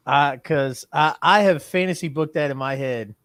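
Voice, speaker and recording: A man co-hosting a casual podcast, telling stories with lively delivery. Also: on the high side, moderate pace, no room sound, studio quality. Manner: animated storyteller acting out movie scenes. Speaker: podcast co-host. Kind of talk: casual chat.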